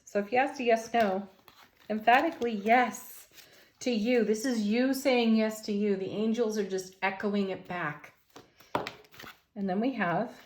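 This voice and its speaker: Female tarot reader, warm-hearted enthusiasm, mid pitch, roomy echo. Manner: gentle, enthusiastic, affirming. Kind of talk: tarot reading vlog.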